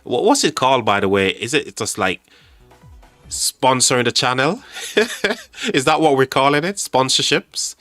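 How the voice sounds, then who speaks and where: An excitable man hosts a live game stream, stumbling over his words as he chats with viewers. His voice is bright and forceful, recorded dry and close. Faint music plays underneath. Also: medium pitch, measured pace, no room sound. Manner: excitable, stammering, thanks chat often. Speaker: game livestream host.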